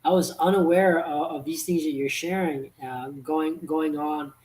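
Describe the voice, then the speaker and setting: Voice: medium pitch, steady tone, moderate pace, darkish tone, low-quality recording. A channel host running a casual interview, talking hesitantly with frequent restarts.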